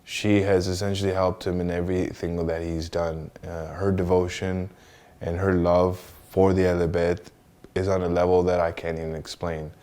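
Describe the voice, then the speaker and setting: Man, documentary interview, very low voice, flat delivery, reverent. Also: normal speed. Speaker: interviewee, son of the subject.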